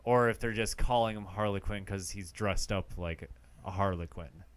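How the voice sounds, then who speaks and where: A man co-hosting a podcast, chatting casually about a film and filling in plot details in an unhurried way. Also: lowish voice, a little hiss or hum. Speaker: podcast co-host. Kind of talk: casual movie-review chat.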